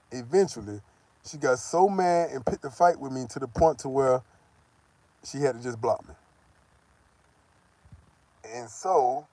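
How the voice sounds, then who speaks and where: A man's voice: medium pitch, warm tone, no room sound. A man telling a personal story to the camera, casual and profane, acting out the people he quotes. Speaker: vlogger.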